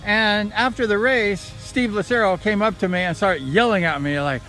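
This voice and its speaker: Brief: older man from Southern California, high voice, rambling excited storyteller, faint music behind. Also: moderate pace. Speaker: vlogger recounting racing days. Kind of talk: casual storytelling.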